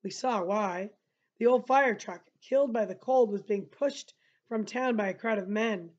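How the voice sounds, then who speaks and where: A woman's voice: medium pitch, unhurried. Woman reading a novel aloud, lo-fi. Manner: breaks off the reading to explain to listeners. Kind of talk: novel read-aloud with explanations. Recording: dull lo-fi recording.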